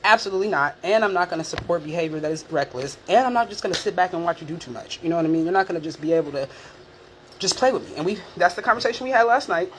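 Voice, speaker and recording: A woman's voice: fairly low pitch, rapid-fire, slight background noise. A woman from Northern California chatting candidly to her viewers, swearing freely and acting out the people in her stories. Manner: candid, profane, animated retelling with quoted voices. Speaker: vlogger. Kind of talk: casual storytelling chat.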